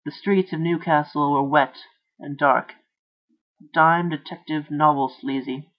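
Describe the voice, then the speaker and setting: A man's voice: fairly high pitch, steady tone, measured pace. A man reading a story aloud, lifting his voice for the characters' dialogue. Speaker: narrator. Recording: dull lo-fi recording.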